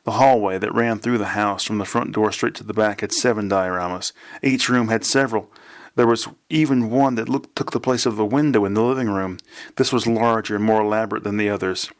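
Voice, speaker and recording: A man, the author, reading his novel aloud in a plain, measured way. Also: fairly low pitch.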